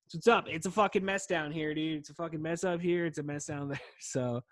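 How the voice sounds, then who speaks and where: A man's voice: fairly high pitch, fairly even intonation, brisk, a bit bright, no echo. Stoned podcast host in his thirties, dry. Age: 30s. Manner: laid-back, profane, says "dude" constantly. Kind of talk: rambling casual monologue.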